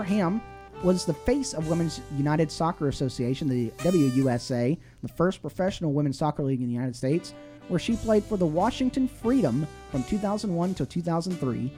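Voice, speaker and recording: A man's voice: on the high side, mellow. A man hosting a call-in sports radio show, reading scores and chatting casually with fillers and restarts. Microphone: studio microphone.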